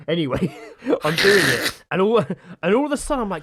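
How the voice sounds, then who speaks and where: A man co-hosting a podcast, telling animated stories in casual chat and swearing a lot. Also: high-pitched, brisk, husky, no room sound, studio quality. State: sore from gardening. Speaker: podcast co-host.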